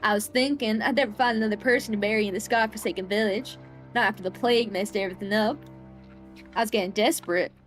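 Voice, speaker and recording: A woman's voice: medium pitch, steady tone, fast talker, faint music behind, close to an everyday voice. A woman voicing a cheerful female gravedigger who talks in an offhand, reasonable tone while burying her friend alive, in a horror visual novel. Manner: offhand, reasonable-sounding, eerily empty.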